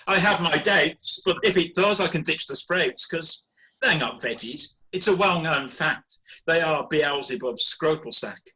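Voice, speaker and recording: A man reading comic rhyming poetry in a deadpan, wry way over a video call. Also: fairly high pitch, a little slow, low-quality recording. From Birmingham, England. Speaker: performance poet.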